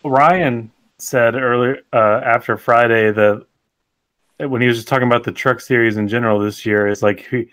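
A man co-hosting a casual podcast chat, easygoing and quick to laugh. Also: mid-range voice, fairly even intonation, fairly bright tone. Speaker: podcast co-host.

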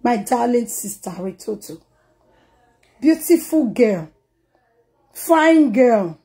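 A woman's voice: fairly high pitch, sing-song, slow pace, pauses often, warm tone. A Nigerian woman vlogger and singer, teasing and scolding someone directly to camera in a casual way. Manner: teasing, scolding, mixes pidgin and mock sympathy.

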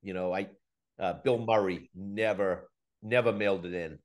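A man who promotes comedy, talking as a guest in a casual interview, relaxed and halting. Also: low voice. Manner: relaxed, halting, restarts phrases.

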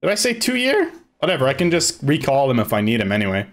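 A young man giving loose live commentary on his own football video game, swearing and shouting at his players. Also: medium pitch, huge pitch swings, quick pace. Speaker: gaming video creator.

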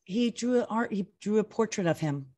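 A woman's voice: mid-range voice, fairly quick. A woman, a retired wrestler, chatting in an interview, telling stories with acted-out quotes and lots of "like" and "you know". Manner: chatty, animated storytelling full of acted-out quotes; heavy use of "like" and "you know". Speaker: retired pro wrestler guest. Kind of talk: casual interview chat.

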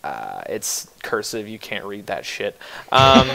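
A man's voice: on the low side, huge pitch swings, slow pace, creaky, hardly any pauses, crowd noise. A man runs a tabletop game as game master, narrating scenes in a loose, casual way. He jokes and restarts his phrases often. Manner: casual, joking, with many restarts.

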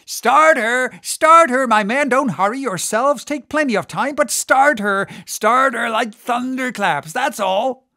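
A man voicing a pipe-smoking whaleboat mate who shouts urgent, rallying orders at his rowers in a storybook reading. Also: very high voice, lively intonation, a little slow, gravelly, few pauses, pitched above the performer's own voice, heavily acted.

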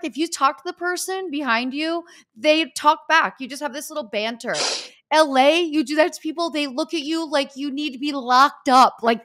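A middle-aged woman hosting a podcast in casual chat, animated and acting out what people say. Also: sits high. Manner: animated, acts out quoted people. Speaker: podcast host.

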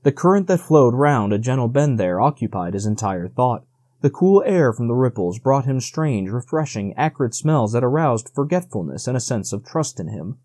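A man's voice: medium pitch, no room sound, clean studio sound. Man reading a storybook aloud. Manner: measured, steady narration. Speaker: audiobook narrator. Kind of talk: audiobook reading.

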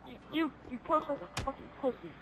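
A woman's voice: sits high, expressive, fairly quick, background noise. A woman playing a swearing, threatening police officer in an improvised game role-play. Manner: bossy, swearing, threatening, shouty.

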